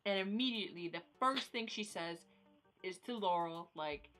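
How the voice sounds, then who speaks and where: A woman's voice: fairly low pitch, moderate pace, a bit bright, soft background music. A young woman ranting in a casual vlog, exasperated and repetitive, filler-heavy, recorded on a phone camera at home. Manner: exasperated ranting, repeats herself, many "like"s. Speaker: vlogger.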